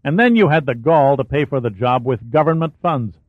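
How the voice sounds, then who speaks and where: A man's voice: medium pitch, lively intonation, normal speed, dry recording, close to an everyday voice. A man reading as a smug, sneering hired killer. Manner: contemptuous and sneering. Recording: dry, phone-like narrow sound.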